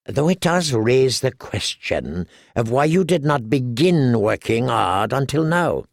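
A man's voice: mid-range voice, sing-song, a little slow, creaky, no room sound. A man reading an audiobook, voicing a blunt, sardonic lord who speaks dryly. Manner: dry and blunt.

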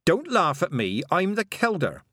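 A man reading aloud, voicing a stubborn young girl witch in an emphatic, high-pitched way. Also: wildly swooping pitch, normal speed, fairly bright tone, no room sound, clean studio sound, full character voice. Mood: indignant.

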